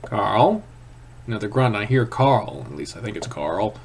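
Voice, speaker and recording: A man reading a visual novel aloud in first person, with a hushed, tense, dramatic delivery. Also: fairly low pitch, animated, fairly quick, slightly rough. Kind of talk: first-person story narration.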